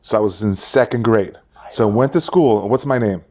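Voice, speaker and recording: Man, podcast co-host, low gravelly voice, quick joking chatter. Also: a little mellow. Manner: quick, joking, rambling with many fillers. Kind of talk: casual chat.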